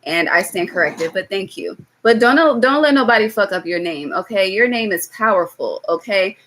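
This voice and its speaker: A woman's voice: mid-range voice, expressive, normal speed, fairly bright tone. A young woman giving a casual live-stream tarot reading, blunt and swearing freely, often checking in with "okay?". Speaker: tarot reader.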